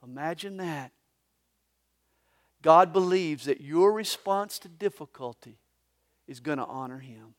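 Male pastor, higher voice, slow and earnest live sermon delivery. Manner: earnest preaching, drops to hushed tones. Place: church service, live.

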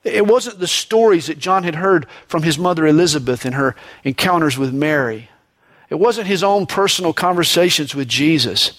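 Preaching in a conversational style, a man with a fairly bright tone leans on "you know" again and again. Emphatic lines come louder, while solemn points come low and unhurried.

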